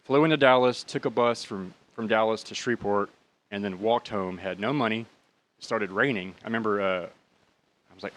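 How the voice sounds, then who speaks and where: A man's voice: on the low side, moderate pace, fairly bright tone. A man in his thirties hosting a podcast, telling a personal story in a rambling, profane, heated way. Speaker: podcast host. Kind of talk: casual storytelling.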